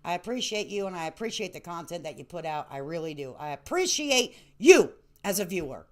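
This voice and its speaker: A woman's voice: on the low side, big pitch swings, brisk. A woman in her late thirties hosting a casual livestream, chatty and affectionate, laughing often and calling viewers honey and baby. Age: 30s. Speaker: livestream host.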